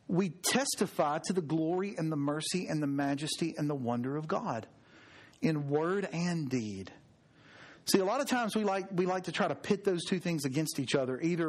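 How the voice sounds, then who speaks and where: A middle-aged man preaching with earnest emphasis, his voice sitting a little high for a man. He builds his points through repeated phrases and personal storytelling. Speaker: pastor. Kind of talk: sermon.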